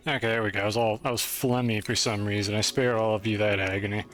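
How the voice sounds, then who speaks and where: A man's voice: on the low side, level tone, quick pace, fairly bright tone, soft background music. Rambling self-deprecating male streamer. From United States. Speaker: game streamer. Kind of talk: casual live-stream chat while playing.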